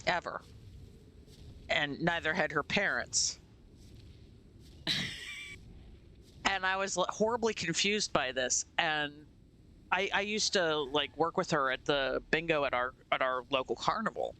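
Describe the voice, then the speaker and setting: A man's voice: fairly high pitch, unhurried, long pauses, sharp tone. A man from Pennsylvania, a streamer chatting casually while gaming, telling stories animatedly and laughing often. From Pennsylvania, USA.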